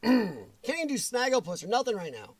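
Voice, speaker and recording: A man's voice: very high-pitched, wildly swooping pitch, fairly quick, no room sound. A man hosting a livestream in casual chat, greeting viewers by name and laughing often, his voice strained and weakened. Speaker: livestream host.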